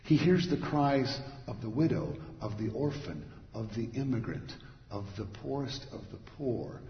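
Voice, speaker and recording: A male pastor delivers a sermon, with dramatic swings from ringing proclamations to quiet, intimate asides. His voice fills a big church hall with long reverb and roomy echo. The recording sounds a little dull and muffled. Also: medium pitch, big pitch swings, moderate pace, slight background noise. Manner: dramatic, swings from loud declarations to hushed asides. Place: church sanctuary.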